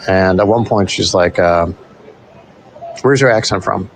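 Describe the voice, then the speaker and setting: A man casually telling a story in a voice note, animated and swearing freely, from the United States. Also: sits low, measured pace, slight background noise, rough recording.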